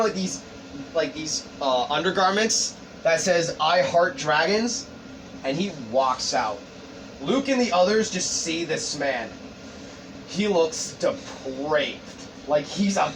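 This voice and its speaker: A man narrating a story pitch in a rambling, profane, casual way with lots of fillers. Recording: distant mic, background noise.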